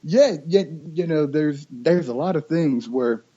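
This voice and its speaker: A man, a duck call maker, chatting casually on a podcast and telling lively stories with imitated calls. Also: a little high, measured pace, lo-fi sound. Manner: animated storyteller, imitates duck calls and voices.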